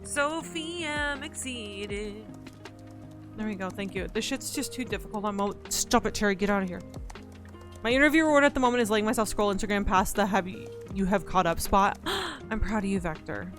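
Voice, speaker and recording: A woman's voice: mid-range voice, lively intonation, moderate pace, a bit bright, soft background music. A woman streaming live, chatting in a playful, joking way and thanking her donors. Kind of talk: casual live-stream chat.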